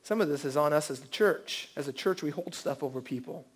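A male pastor preaching a sermon in a church service, earnest, swinging from quiet to emphatic. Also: on the high side, a little fast, slightly rough. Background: faint band guitar.

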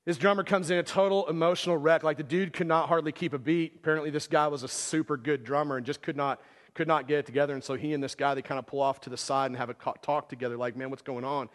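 A man's voice: on the high side, fairly even intonation, quick pace. A man preaching a sermon in a casual storytelling way, full of fillers and "right?" asides. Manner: conversational, filler-heavy, keeps asking "right?". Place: church hall. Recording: long hall reverb.

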